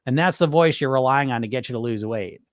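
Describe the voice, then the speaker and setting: A man's voice: mid-range voice, fast talker, dry recording, clean studio sound. A man hosting a weight-loss podcast, answering viewer comments in a casual, rambling way with plenty of swearing. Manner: animated, profane, rambling.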